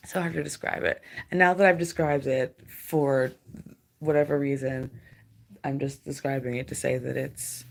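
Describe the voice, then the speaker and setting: A woman's voice: extremely low pitch, steady tone, a little slow, gravelly, a little hiss or hum. A woman livestreaming from home, chatting casually in a rambling, giggly way. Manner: rambling, giggly, doting baby talk to her cat. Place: home, indoors.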